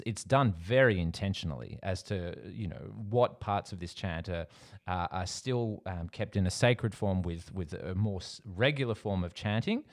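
Emphatic male host, fairly low voice. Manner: emphatic, admiring. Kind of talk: conversational interview.

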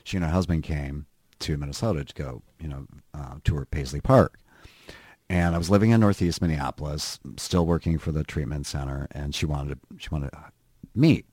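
A man's voice: rumbling low, moderate pace, darkish tone, slightly rough, no echo, clean studio sound. A middle-aged man telling candid personal stories as a podcast guest in casual chat. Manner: candid storytelling.

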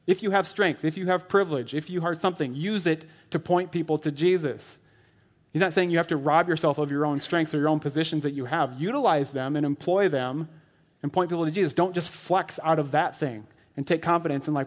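A man in his thirties preaches in a loose, conversational way, packing his talk with "like" and chuckling at his own jokes. His voice sits a little high for a man. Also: fairly quick. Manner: chatty and joking, lots of "like", laughs at his own jokes. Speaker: lay elder preaching. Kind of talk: casual sermon.

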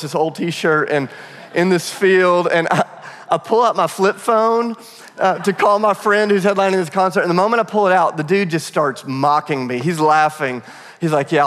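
A man in his forties preaching a sermon as pastor, telling stories in a conversational, animated way. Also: fairly high pitch. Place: church auditorium. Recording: long hall reverb.

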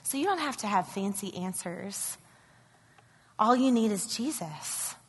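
A woman delivers a sermon, speaking earnestly and then pushing into louder, emphatic stretches. Her voice sits at an ordinary pitch for a woman. It rings with the long reverb of a big hall. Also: expressive, unhurried, breathy edge. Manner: earnest, rising to emphatic bursts. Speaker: preacher.

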